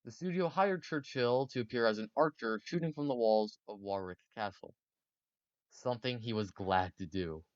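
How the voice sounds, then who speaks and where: A man's voice: medium pitch, moderate pace, no echo, muffled recording. A man casually narrating history for a video, rambling and joking with many fillers.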